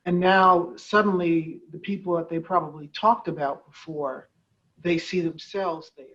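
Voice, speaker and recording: Unhurried and steady, the nonprofit head speaks in a fairly low voice while hosting her interview. Her talk wanders, full of fillers and false starts, on a dull, lo-fi recording.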